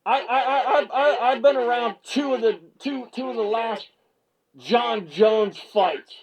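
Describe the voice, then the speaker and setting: A man's voice: very high voice, unhurried, slightly rough, rough recording. A male MMA media host in a fired-up reaction rant, stammering and repeating himself as he gets worked up on his small video set.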